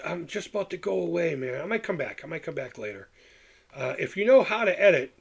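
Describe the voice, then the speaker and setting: Middle-aged guy rambling on his livestream, kinda high voice, keeps repeating himself and restarting. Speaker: livestream host reading chat. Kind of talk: casual livestream chat.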